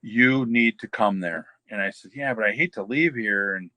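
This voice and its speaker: A man's voice: fairly low pitch, normal speed, sharp tone, no echo. An older man in an interview, rambling through anecdotes and acting out the dialogue of the people in them. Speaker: interview guest. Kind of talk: storytelling shoot interview.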